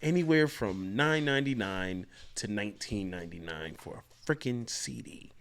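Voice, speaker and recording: A man's voice: on the low side, expressive, moderate pace, creaky, fairly bright tone. A man, chatting casually and laughing while he reacts to a comedy clip. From Georgia, US. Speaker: reaction video host.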